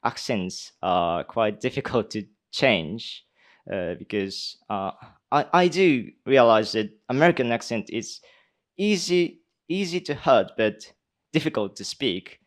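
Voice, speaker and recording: A young man, a speech contestant answering judges' questions in English off the cuff, pausing often with uh and um and restarting his sentences. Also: lowish voice, animated. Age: young adult. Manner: hesitant, many uh and um fillers, restarts. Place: conference hall.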